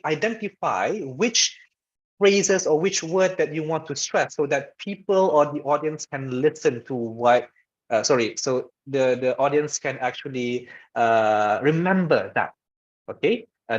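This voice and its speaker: A man's voice: fairly high pitch, animated, a little slow. Man teaching speaking, dull webinar audio. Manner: conversational, frequent "okay" and "all right" check-ins; demonstrates voice patterns by shifting loud and soft. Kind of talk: informal lecture.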